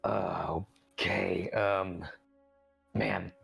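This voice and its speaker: A man's voice: deep voice, fairly even intonation, extremely slow, gravelly, a bit bright, husky, soft background music. A man casually playing a tabletop game, hesitant and chuckling as he describes his character. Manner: hesitant, chuckling, lots of fillers. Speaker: player.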